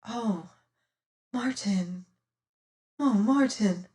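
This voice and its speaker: Timid young noblewoman, soft and pleading, voiced by a woman, unhurried, recorded a little off-mic. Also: medium pitch, animated, distant mic, close to an everyday voice. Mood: frightened. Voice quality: soft and hushed. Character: frightened, gentle young noblewoman.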